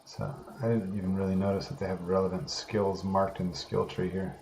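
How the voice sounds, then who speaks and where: A man's voice: sits low, little pitch movement, brisk, a little mellow, slight background noise. A man casually talking through a game he is playing, muttering and swearing to himself. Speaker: gamer. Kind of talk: casual gameplay commentary.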